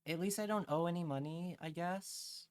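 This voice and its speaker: A man's voice: fairly high pitch, moderate pace, clear, resonant tone, no echo. A man streaming a comic rant, rambling with many fillers and repeated phrases.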